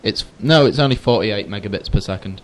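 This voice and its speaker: A man's voice: on the low side, a little fast. A teenage man from England co-hosting a casual podcast chat, joking and teasing his friend. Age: teens. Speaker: podcast co-host. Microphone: headphones with wired mic.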